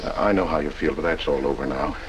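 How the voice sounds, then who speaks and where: A man's voice: very deep voice, fairly quick. A timid, pleading middle-aged man. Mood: tender. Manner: gentle, pleading, stammering. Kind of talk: 1940s film acting. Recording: hissy 1940s film soundtrack.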